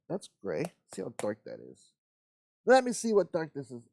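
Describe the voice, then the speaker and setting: A man's voice: fairly high pitch, wildly swooping pitch, moderate pace, vocal fry, dark tone. A man hosting a live model-building stream, chatting casually and rambling to himself as he works, in an easygoing, folksy way. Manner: rambling, talks to himself while working.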